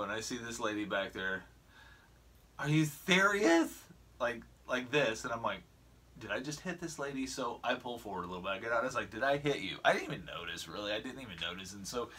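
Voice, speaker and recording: Bright-voiced middle-aged man rambling a story. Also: medium pitch. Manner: rambling with many restarts and chuckles. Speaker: vlogger. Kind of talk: casual storytelling vlog.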